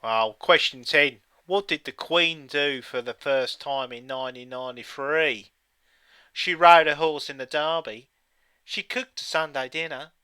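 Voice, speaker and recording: A man's voice: mid-range voice, measured pace, bright, forceful tone, smooth, no room sound. A man co-hosting a live stream, reading quiz questions aloud with jokey asides in casual chat. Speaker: co-host playing a teletext quiz on stream.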